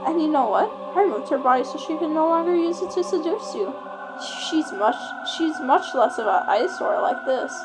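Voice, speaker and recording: A woman's voice: high-pitched, expressive, normal speed, music in the background, voice pushed up, low-quality recording. A woman voicing an obsessive young woman kidnapper who talks in a sugary, menacing way. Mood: cruel. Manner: sugary and menacing, calls him "dear".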